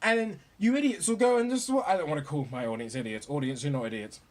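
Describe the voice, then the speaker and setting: A young man ranting about movies in a profane, excitable, rambling way. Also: a little high, quick pace. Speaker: movie vlogger. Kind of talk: casual ranting commentary.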